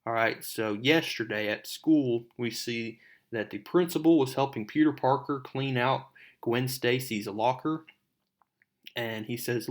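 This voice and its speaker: A man's voice: mid-range voice, measured pace. Chatty man recapping a comic book. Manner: relaxed and chatty, retells the plot with fillers.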